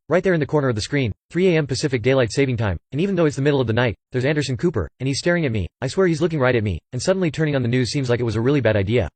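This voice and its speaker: Guy reading a creepy story, mid pitch, dead dry close mic, even delivery. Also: no echo. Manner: reads punctuation aloud, flat and even. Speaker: narrator. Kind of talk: scripted horror story narration.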